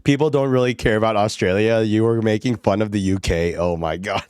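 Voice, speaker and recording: A man's voice: fairly low pitch, steady tone, a little fast, darkish tone, clean tone, no room sound, studio quality. Giggly young man streaming a game. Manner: giggly and rambling, chatting with viewers. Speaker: VTuber streamer. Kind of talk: casual gaming commentary.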